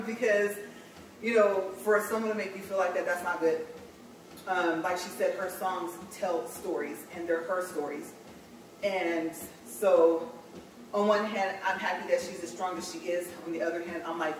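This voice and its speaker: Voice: medium pitch, fairly even intonation, moderate pace. Chatty vlogger in a very echoey room. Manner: rambling, chatty, repeats words, laughs between phrases. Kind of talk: casual chat to viewers. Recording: very echoey room, distant mic, faint noise.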